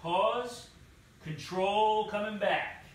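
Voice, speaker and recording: A man, a fitness coach, demonstrating exercises and cueing each move with slow, deliberate instructions. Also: high-pitched, a little hiss or hum. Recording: echoey room, distant mic.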